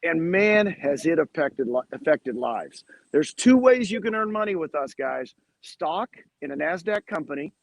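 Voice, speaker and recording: A man's voice: on the high side, big pitch swings, moderate pace, vocal fry, hardly any pauses, no room sound, rough recording. A man who is a guest on an interview show, telling stories with enthusiasm and acting out the dialogue he quotes, heard over a video call. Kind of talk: animated storytelling in a podcast interview.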